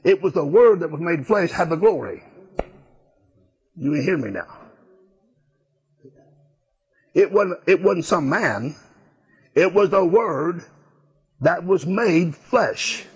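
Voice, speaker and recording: A man's voice: a little high, lively intonation, slow, pauses often, slightly rough. A man preaching a sermon, emphatic and repetitive in a folksy way.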